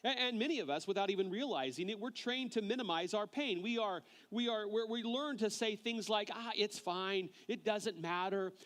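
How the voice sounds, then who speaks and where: A male pastor preaching a sermon in an earnest way, often repeating words as he starts a phrase and slowing down on key lines. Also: sits high, expressive, fairly bright tone.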